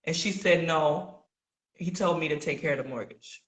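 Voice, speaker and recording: A woman telling a personal faith story in casual conversation, animated and acting out the dialogue she quotes. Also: sits low, normal speed, roomy sound. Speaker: podcast guest sharing testimony.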